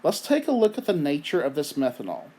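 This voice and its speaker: Hiccuping through a recorded chemistry lecture, this teacher talks in a conversational style, posing rhetorical questions and frequently adding "right?" His slightly high, dark voice has a sing-song quality and moves a little fast.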